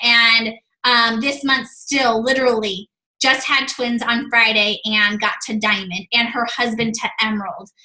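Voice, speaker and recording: Bright, high-voiced gushing woman host. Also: echoey room, low-quality recording. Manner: effusive, many fillers like "like" and "um". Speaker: host of a team video call. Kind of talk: gushing, upbeat team-call chat.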